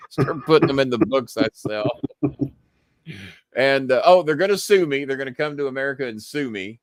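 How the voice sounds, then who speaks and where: A man's voice: medium pitch, lively intonation, normal speed, pauses often, no room sound. A man hosting a casual live stream, cursing freely and laughing as he reads messages aloud. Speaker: host.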